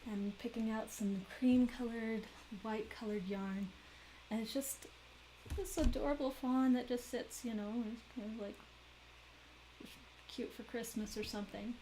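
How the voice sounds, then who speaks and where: A woman's voice: fairly high pitch, fairly even intonation, a little slow, pauses often, mellow, a little hiss or hum, rough recording. A woman chatting in a rambling, giggly way during a crafting live stream. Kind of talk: casual chat while weaving.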